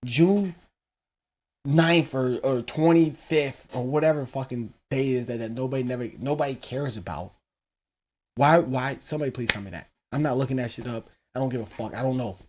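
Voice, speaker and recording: A man's voice: medium pitch, moderate pace, a little mellow, a little hiss or hum. A man in his thirties hosting his own podcast, rambling casually about his teenage son with loose, profane talk and laughing asides. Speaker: podcast host.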